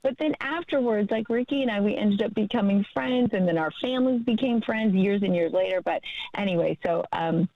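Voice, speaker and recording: Middle-aged actress guest, effusive and chatty, dry slightly dull call audio. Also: female voice, mid-range voice, a little fast, no echo. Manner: chatty and effusive, laughs often. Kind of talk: casual interview chat.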